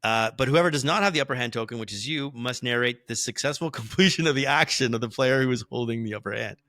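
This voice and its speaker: A man explaining rules and narrating as game master, relaxed and hesitant with many fillers. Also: mid-range voice, fast, dry recording, clean studio sound.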